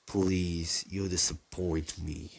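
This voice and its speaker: A man voicing a cold, vengeful young male ninja, speaking slowly in a low, menacing way. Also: little pitch movement, creaky, exaggerated voice. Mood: cold contempt.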